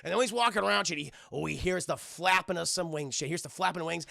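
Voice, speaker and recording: A man streaming a casual TV episode review, talking excitably and profanely while addressing his chat. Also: fairly high pitch, quick pace, gravelly, no echo, clean studio sound.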